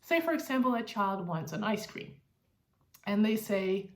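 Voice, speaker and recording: A woman's voice: mid-range voice, big pitch swings, measured pace. Danish-accented woman teaching language. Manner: explanatory, friendly, laughs often. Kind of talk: online language lesson.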